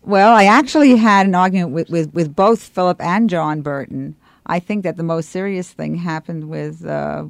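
A woman's voice: sits low, gravelly, no room sound. Woman with a New York accent, dry. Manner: animated storytelling with frequent restarts and laughs. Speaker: radio interview guest, parent advocate. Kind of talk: radio interview.

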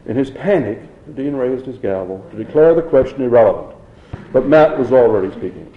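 A man narrates an audiobook in a steady, measured way. His voice sits at an ordinary middle pitch. The recording is dull and lo-fi. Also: a little hiss or hum.

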